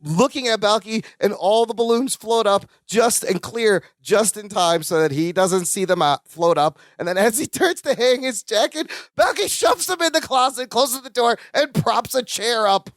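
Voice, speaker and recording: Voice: mid-range voice, moderate pace, hardly any pauses, dry recording. A podcast co-host recapping a sitcom episode, acting out the characters' lines and laughing along. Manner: lively, acts out the characters' lines while laughing.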